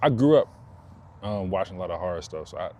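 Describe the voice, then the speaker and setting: A man talking casually to his audience outdoors, rambling and repeating himself, perking up when excited. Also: sits low, fast. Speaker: vlogger. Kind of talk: casual talk to camera.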